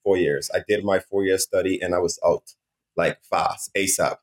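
A man with a very low, deep voice and a Caribbean accent talks casually as a podcast guest. He speaks in a relaxed way, with fillers and restarts. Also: normal speed. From Saint Martin. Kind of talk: casual interview chat.

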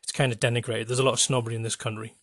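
A man with a North East English accent hosting a podcast, rambling with many pauses and restarts. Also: mid-range voice, level tone, fairly bright tone, dry recording, studio quality. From North East England. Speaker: podcast host. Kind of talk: casual monologue with a dialect reading.

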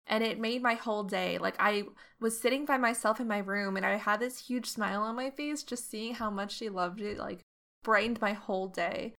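A young woman co-hosting a casual podcast, bubbly and quick to tease her friend. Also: mid-range voice, bright, forceful tone. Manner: bubbly, teasing. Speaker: podcast co-host. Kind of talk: casual chat.

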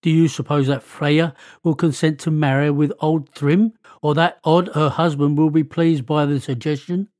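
A man's voice: a little high, steady tone, moderate pace, few pauses, darkish tone, no room sound, clean studio sound, close to an everyday voice. A man reading as a sly trickster god. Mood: calm.

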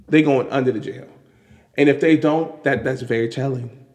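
A man giving casual, animated commentary on news, exasperated and full of restarts and fillers. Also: mid-range voice, moderate pace. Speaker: commentary vlogger. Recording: long hall reverb.

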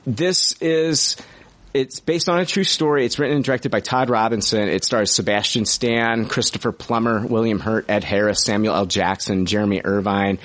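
Talking at a normal speed in a lowish, steady voice, a man hosts a movie review podcast as a casual chat. There's no echo; he wanders, starts over, swears plenty, and pokes fun at himself.

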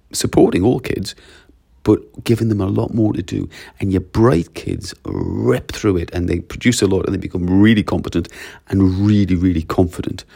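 A man's voice: lowish voice, gravelly, dark tone, slightly rough. A man with a Geordie accent, a language teacher explaining his methods in a casual, emphatic monologue that runs through lists. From North East England.

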